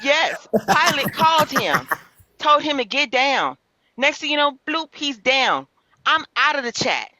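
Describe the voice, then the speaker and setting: A woman's voice: high voice, sing-song, unhurried, pushed and bright, low-quality recording. A woman venting in heated casual livestream chat, profane and repeating herself as she talks.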